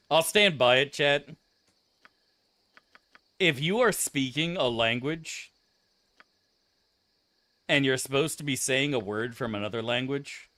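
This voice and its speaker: A man's voice: mid-range voice, sharp tone, no echo. A man streaming a game, chatting casually to his chat with a profane, joking manner. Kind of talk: casual gameplay commentary.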